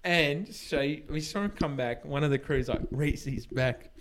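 A man's voice: a little high, moderate pace, background noise. A young man telling a story in casual chat, swearing often and laughing as he goes. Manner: swears a lot, laughs through his stories. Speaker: podcast co-host.

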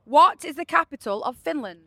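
Woman interviewer, playful quiz host, bright forceful tone. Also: sits high, animated, a little fast, no room sound. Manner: playful, chatty. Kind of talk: casual chat, reading quiz questions.

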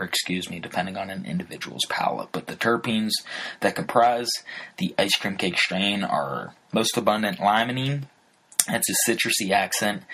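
A man with a low, husky voice hosts a podcast in a loose, unscripted way. He stops and restarts his sentences often, filling the gaps with "uh" as he goes. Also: sharp tone, rough recording. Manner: halting, many fillers and restarts. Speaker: podcast host. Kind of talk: casual unscripted commentary.

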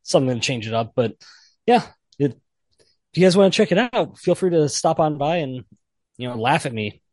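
A man's voice: a little high, animated, normal speed, a little mellow, no echo. A man appearing as a podcast guest, joking in casual chat with many filler words.

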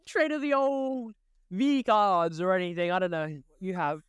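A man's voice: high voice, lively intonation, a little slow, clear, resonant tone, no room sound, studio quality. A young man, co-hosting a casual podcast in a hyper, joking way. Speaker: podcast co-host. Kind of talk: casual chat.

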